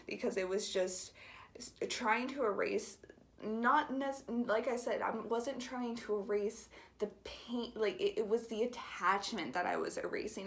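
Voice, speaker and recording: A young woman telling a personal story in a soft, halting, heartfelt way, sometimes dropping to a whisper. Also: medium pitch, creaky. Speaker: vlogger.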